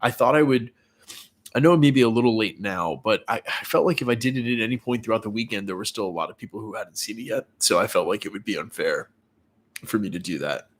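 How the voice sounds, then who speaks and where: A man's voice: fairly low pitch, fast talker. Congested man hosting a live chat. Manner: chatty, greets viewers by name, many fillers. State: congested with a cold. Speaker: livestream host. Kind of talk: casual live-chat commentary.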